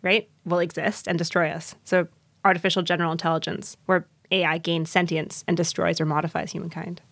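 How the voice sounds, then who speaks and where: A woman's voice: lowish voice, level tone, brisk, gravelly, a bit bright, no room sound. A woman hosting a podcast, explaining a story in casual chat with frequent laughs. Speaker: podcast host.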